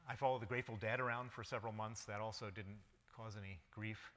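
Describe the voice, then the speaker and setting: A man in his fifties with an American accent gives a public lecture, telling his life story wryly. His voice is low but bright and sharp. The sound carries a long reverb from a lecture hall. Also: fairly even intonation, fast. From United States. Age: 50s. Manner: wry storytelling with frequent ums. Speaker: guest lecturer.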